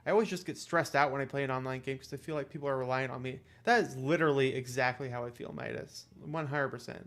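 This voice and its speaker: A man's voice: mid-range voice, a bit bright. A young adult man chatting casually while streaming a game; he rambles, leans on fillers, and is self-deprecating. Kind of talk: casual gameplay commentary.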